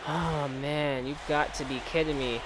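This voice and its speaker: A young man commentating his own basketball video game play for viewers, animated and exasperated at his teammates. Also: a little high, measured pace, a crowd in the background, rough recording. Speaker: gaming YouTuber. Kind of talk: live gameplay commentary. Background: game music and sound.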